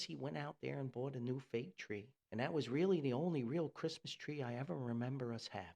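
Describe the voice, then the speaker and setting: Gravelly man telling a folksy story. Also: mid-range voice. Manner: nostalgic, folksy, animated storytelling. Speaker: podcast host and storyteller. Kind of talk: storytelling podcast.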